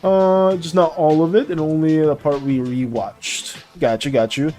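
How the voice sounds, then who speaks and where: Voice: mid-range voice, steady tone, a little slow, mellow, faint music behind. An art streamer chatting casually with viewers while drawing, greeting each one by name and rambling through restarts. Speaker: livestream artist chatting with viewers.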